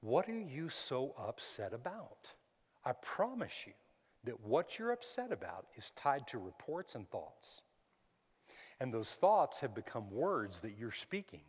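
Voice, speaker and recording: A man preaching a sermon as pastor, calling out "Amen?" and rising to sudden loud, emphatic peaks. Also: medium pitch, sing-song, unhurried, breathy edge, big-room sound.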